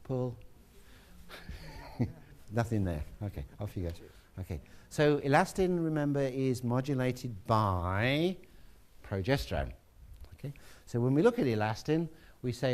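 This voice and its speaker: A man giving a relaxed, chatty classroom lecture, with asides to students. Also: medium pitch, a little slow.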